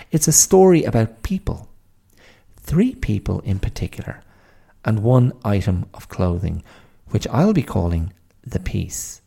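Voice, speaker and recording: Husky, gravelly storyteller. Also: male voice, low-pitched, warm tone. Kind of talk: scripted narration.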